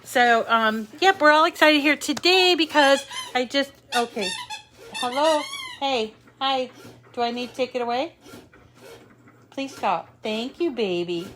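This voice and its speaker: A woman with a bright, clear voice and a slightly high pitch chats her way through a home crafting live stream. She rambles warmly at an unhurried pace, full of fillers. A faint hiss sits under her voice. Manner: chatty and rambling, with fillers and laughs. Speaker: crafting channel host. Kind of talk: casual live-stream chat. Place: home craft room with dogs and a squeaky toy.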